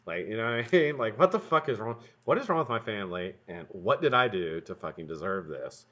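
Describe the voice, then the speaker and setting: Man, live-stream host, casual profane chatter, lively swinging pitch, dull lo-fi audio. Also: brisk. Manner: rambling, profane, joking asides to chat. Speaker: livestream host building vape coils. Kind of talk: casual live-stream chat while working. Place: home workshop room.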